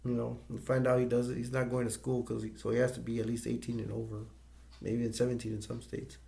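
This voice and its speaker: Gravelly man rambling through a movie review. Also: medium pitch, level tone, mellow. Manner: rambling, halting retelling with many restarts.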